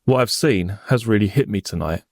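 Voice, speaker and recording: A terse, guarded young nurse on the witness stand, read by a man in a courtroom reenactment. The answers come short, flat and low, and her old texts are read out evenly. The sound is close and dry. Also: a little fast, no echo.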